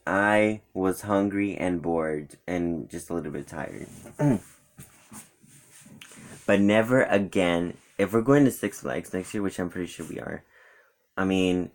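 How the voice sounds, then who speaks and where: Young man, deep voice, casual vlog, rambling animated storytelling. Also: slow, long pauses. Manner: rambling, animated retelling with quoted friends. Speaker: vlogger.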